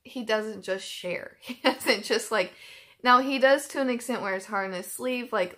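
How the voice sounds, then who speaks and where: Speaking at normal speed in a mid-range, slightly bright voice, this YouTube reaction host keeps things casual and emotional. Her chat is packed with fillers and restarted sentences.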